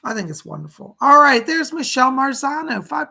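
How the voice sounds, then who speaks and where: Hoarse, gravelly-voiced male psychic medium. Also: very high voice, big pitch swings, fairly quick, bright, forceful tone, poor audio. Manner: chatty and folksy, thanking viewers by name. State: hoarse, losing his voice. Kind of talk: live-streamed psychic readings.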